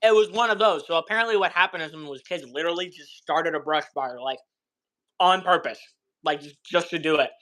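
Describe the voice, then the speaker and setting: A man's voice: a little high, a little fast, sharp tone, poor audio. A young man guest in a casual debate, blunt and swearing freely as he talks.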